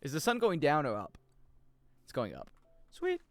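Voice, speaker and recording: Excitable young man streaming a game. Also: fast, long pauses, no echo. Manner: excitable, jumps into loud high yelps and laughs; mutters menu options to himself. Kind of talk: casual gameplay commentary.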